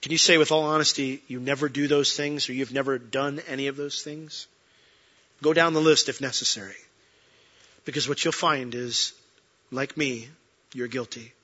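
A man preaching a sermon as a pastor, earnest, swinging between emphatic peaks and soft, quiet moments. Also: mid-range voice, fairly even intonation, normal speed, dull audio.

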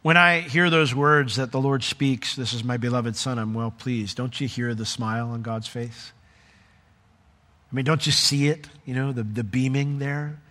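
A man preaching a sermon in a conversational, animated way, with asides to the congregation. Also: mid-range voice, moderate pace, long reverb tail. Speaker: pastor.

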